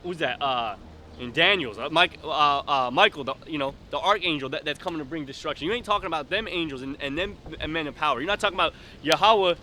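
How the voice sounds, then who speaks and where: A man preaches outdoors in a high, bright, forceful voice. His speech is blunt and emphatic, in rough street vernacular. Faint traffic hums behind him. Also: fast.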